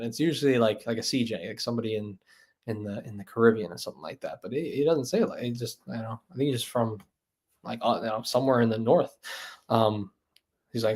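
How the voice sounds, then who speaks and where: A man's voice: medium pitch, a little fast. A man hosting a live stream, chatting loosely with viewers, laughing and trying out impressions of other creators. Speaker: host.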